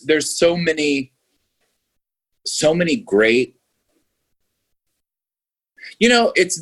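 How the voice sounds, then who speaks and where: Husky-voiced man, enthusiastic and rambling. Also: lowish voice, fairly bright tone. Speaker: filmmaker guest. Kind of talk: casual podcast interview.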